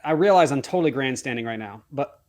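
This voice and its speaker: A man's voice: medium pitch, expressive, fast, darkish tone. A man, a wedding photographer, telling a heartfelt story as a podcast guest, earnestly acting out the dialogue he quotes.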